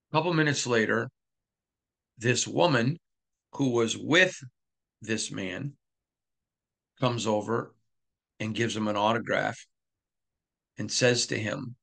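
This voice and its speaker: A man's voice: mid-range voice, creaky, a bit bright. A middle-aged man hosting a sports podcast, talking in an emphatic monologue and repeating lines for effect. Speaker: podcast host.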